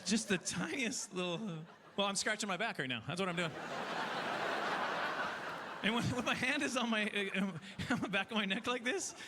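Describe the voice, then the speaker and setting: Guy doing standup, high voice, self-mocking bits, live stage mic with hum behind. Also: moderate pace. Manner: self-mocking, animated storytelling. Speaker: stand-up comedian. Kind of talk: stand-up comedy set. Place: comedy festival stage before a live audience.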